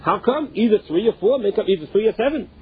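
A man's voice: high-pitched, lively intonation, very fast, slight background noise. A man teaching a Talmud passage. He reads each Aramaic phrase and then restates it in plain English. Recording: tinny phone-line sound.

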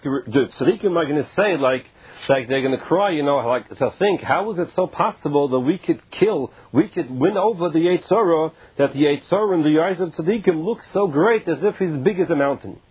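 A man teaching a Talmud class, reading phrases slowly and then explaining them casually with many "like"s. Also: a little high, slightly rough, no echo. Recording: muffled, dull and dry lo-fi recording.

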